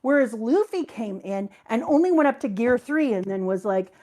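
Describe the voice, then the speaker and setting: A middle-aged woman chatting casually and excitedly, acting out character lines in a lowered voice as she retells a story. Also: normal speed. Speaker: co-host reading and discussing a manga. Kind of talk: casual chat.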